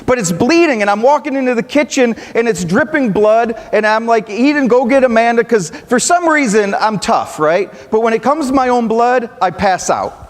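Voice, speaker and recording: A man's voice: extremely high pitch, expressive, normal speed, in a large hall. A man in his thirties preaching a sermon, telling stories in a loose, conversational way. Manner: storytelling, conversational, with restarts. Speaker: pastor.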